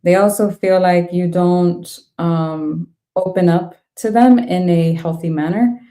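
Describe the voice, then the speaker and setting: Mellow-voiced woman reading tarot. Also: on the low side, unhurried. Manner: thinks aloud, laughs often, frank reactions. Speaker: tarot reader.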